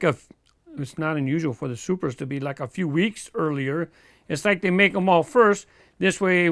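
A man with a fairly high, gravelly voice talks casually through an unboxing, easygoing and chatty. His voice sounds close and dry, with no room around it. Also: a bit bright, no echo. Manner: chatty, easygoing, chuckles between remarks. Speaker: toy car collector host.

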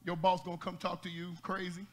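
A man preaching an energetic church sermon, calling out to the congregation and rising into shouts as he jokes and exhorts. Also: high voice, a little fast. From United States. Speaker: pastor.

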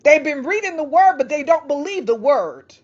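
A woman's voice: high voice, lively intonation. A woman preaching a fervent sermon into a handheld microphone, breaking into praise and stumbling for words. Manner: fervent, praising, halting at times. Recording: slightly dull lo-fi sound.

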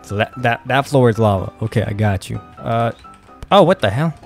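A young man casually commenting while playing a game, flustered and excitable, often exclaiming and swearing. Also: medium pitch, normal speed, vocal fry, soft background music. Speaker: gaming video host.

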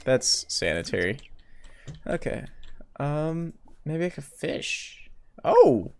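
Animated man chatting over a game. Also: on the high side, slow pace, gravelly, clean tone. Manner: chatty, thinks aloud, reads game text aloud. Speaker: gaming video creator. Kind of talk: casual let's-play commentary.

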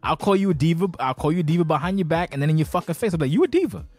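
A man's voice: fairly high pitch, racing. A man hosting a podcast in casual chat, a little tipsy, rambling, swearing and stumbling over his words as he rants. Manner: rambling, profane, animated, stutters and restarts. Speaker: podcast host.

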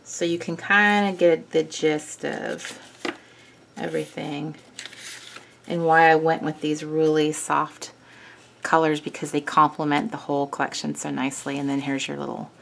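A woman's voice: deep voice, level tone, moderate pace, gravelly, fairly bright tone, a little hiss or hum. A woman hosting a craft video, chatting through a kit in a gushing way with small self-corrections. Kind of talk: casual product walkthrough.

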